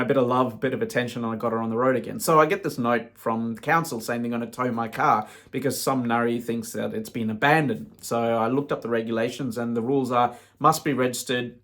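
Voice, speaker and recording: A man's voice: medium pitch, a bit bright. Man, casual vlog monologue: frank, rambling, conversational, with a mid-range voice. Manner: frank, rambling, peppered with "you know". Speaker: vlogger.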